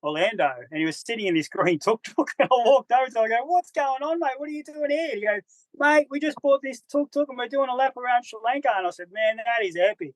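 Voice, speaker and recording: A man telling a travel story as a podcast guest, lively and acting out what people said in a raised voice. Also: extremely high pitch, fast talker, no echo, low-quality recording. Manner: animated, acts out quotes in a raised voice. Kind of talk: casual storytelling.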